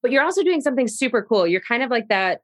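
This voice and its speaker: An American woman hosting a podcast interview, bubbly and gushing, with quick chatty asides. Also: fairly high pitch, sing-song. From United States. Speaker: podcast host. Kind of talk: casual interview chat.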